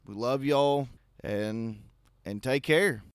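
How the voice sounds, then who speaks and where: A man leaves an earnest voice message, rambling and full of fillers. His voice is smooth and clear. The recording sounds dry and close. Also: medium pitch, slow, no echo. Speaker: caller, longtime listener.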